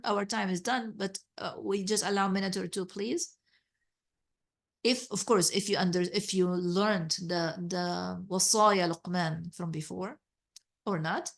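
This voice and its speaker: A woman leading a study class, mid-pitched, talking patiently, restarting phrases. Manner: patient and explanatory, with frequent restarts. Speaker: Quran study teacher. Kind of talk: teaching a reflection class.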